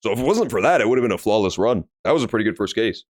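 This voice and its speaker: A man streaming a game, talking excitedly and profanely and mock-scolding his chat. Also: on the low side, racing, no room sound, clean studio sound. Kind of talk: let's play commentary.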